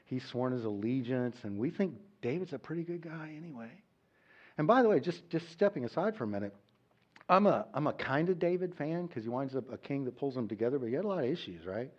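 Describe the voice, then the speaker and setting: Animated, conversational male pastor. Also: medium pitch, fast talker. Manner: conversational, animated, with frequent "okay?" asides. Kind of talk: sermon. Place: church. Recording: dull lo-fi recording.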